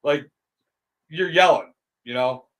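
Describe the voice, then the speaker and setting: A man's voice: fairly high pitch, slow pace, low-quality recording. A middle-aged man in casual chat, telling stories with swearing and frequent laughter. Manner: animated storyteller, swears, laughs often.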